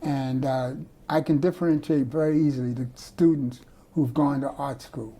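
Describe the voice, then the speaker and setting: A man's voice: medium pitch, steady tone, normal speed, dark tone. An older man, an artist, telling rambling stories with many restarts in an oral-history interview, speaking indoors among his artworks. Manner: rambling, digressive storyteller with restarts.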